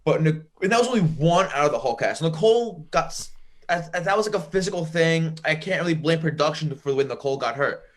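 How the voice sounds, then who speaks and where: A man's voice: on the high side, expressive. A man from Brooklyn with a Brooklyn accent, co-hosting a podcast and arguing his points in casual chat. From Brooklyn, New York. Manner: argumentative, quick rebuttals. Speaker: podcast co-host.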